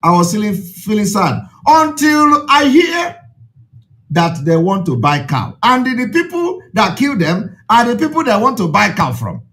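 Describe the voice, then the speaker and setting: A man with a Nigerian accent, an Igbo speaker, delivers an impassioned address to his followers. He talks in a high voice that swings widely in pitch and drives points home by repeating them. The tone is emphatic and preaching throughout. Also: sing-song, moderate pace, few pauses, fairly bright tone.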